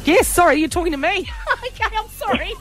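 An Australian woman co-hosting a breakfast radio show, bubbly and quick to laugh in easy banter. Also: very high voice, animated, fairly bright tone, soft background music. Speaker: radio co-host.

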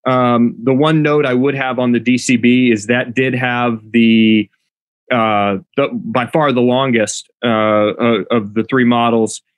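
A man's voice: medium pitch, fairly even intonation, unhurried, no room sound. Man, producer, mid-range voice, dry close sound, analytical podcast chat. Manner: analytical, reading out club data. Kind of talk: casual podcast discussion.

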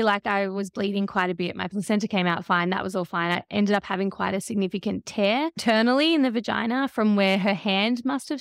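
A woman in her thirties, a podcast guest, telling her story in an emotional, animated way. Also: mid-range voice, gravelly, smooth, no echo, clean studio sound. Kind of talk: conversational interview.

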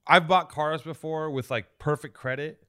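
Speaking at normal speed, a man with a high-ish, smooth, sharp voice keeps his tone steady. He's co-hosting a podcast and tells a long, rambling story in casual conversation, full of profanity and frequent restarts.

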